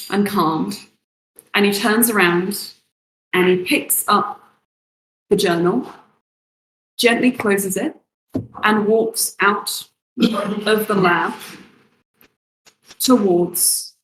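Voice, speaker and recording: A woman narrating a tabletop game as game master, setting each scene slowly and in detail. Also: mid-range voice, echoey room, a little hiss or hum, rough recording. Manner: slow, descriptive scene-setting.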